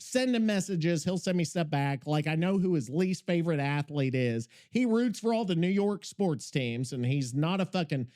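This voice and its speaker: A man's voice: fairly high pitch, expressive, moderate pace, few pauses, darkish tone. A man hosting a podcast in a casual, rambling way, swearing often and breaking off mid-thought while he works on something. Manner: profane, scattered, self-interrupting, working while talking. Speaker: podcast host.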